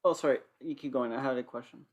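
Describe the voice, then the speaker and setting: A podcast co-host adding brief comments and questions in casual conversation. The voice has an average pitch and a relaxed, conversational delivery. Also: quick pace, highs cut off, crowd noise.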